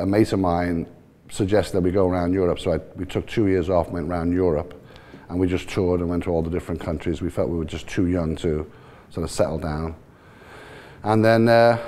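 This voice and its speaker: Low-voiced Irish-Scouse man in his 60s. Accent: Irish and Liverpool mix. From Ireland and England. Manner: relaxed, rambling, laughs easily. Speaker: team owner, interview guest. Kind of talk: casual storytelling interview.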